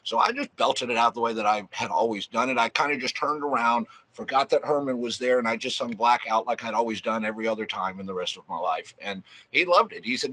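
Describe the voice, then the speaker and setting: A man in his fifties from Missouri, telling stories as an interview guest in a rambling way, with many restarts and drawn-out fillers. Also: mid-range voice, bright, forceful tone, rough recording. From Missouri, USA. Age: 50s. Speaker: record label guest. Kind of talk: casual interview storytelling.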